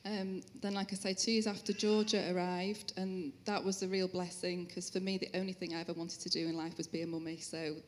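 Gentle woman sharing her testimony. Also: fairly low pitch, level tone, fairly quick, hardly any pauses, slight background noise. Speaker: interview guest, musician's wife. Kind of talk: personal testimony.

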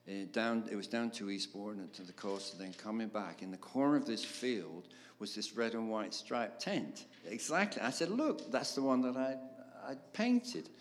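An older man, a songwriter telling his story in an interview, animated and laughing, with many fillers. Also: on the low side, normal speed, few pauses. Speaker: guest songwriter. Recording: roomy reverb, faint background noise.

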